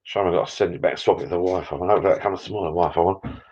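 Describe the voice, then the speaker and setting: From a small bar in his backyard shed, a middle-aged man with a deep, low voice chats casually with live-stream viewers, rambling while tired and a few beers in, slipping in the odd mild swear. He talks fast in a steady, slightly mellow tone with a breathy edge, and the audio is dull and lo-fi, as if from a laptop mic.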